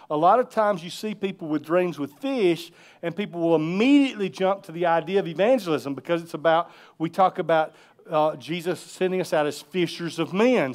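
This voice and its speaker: A man leads a church class on dream interpretation, his voice sitting a little high for a man. He talks in a relaxed, conversational way and keeps checking that the group is following along. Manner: relaxed, conversational teaching with frequent check-ins. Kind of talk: church teaching session.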